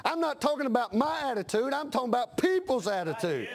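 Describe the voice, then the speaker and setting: A middle-aged preacher delivers a homespun sermon in a notably high voice, punctuating his points with amens. He slips into the voices of the people he describes and hammers each point with plain country talk. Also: very animated, fast, hardly any pauses. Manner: folksy preaching with frequent amens, acts out voices. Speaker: pastor.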